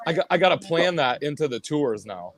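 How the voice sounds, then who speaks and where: A male musician guest telling road stories in a casual interview, animated and acting out what others said. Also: on the high side, fairly quick, a crowd in the background. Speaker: guest musician, band vocalist and bassist.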